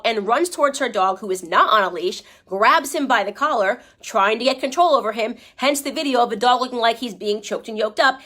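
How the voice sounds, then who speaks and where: A woman's voice: on the high side, fairly bright tone. A young adult woman giving an emphatic, argumentative opinion commentary that keeps asking the listener "okay?".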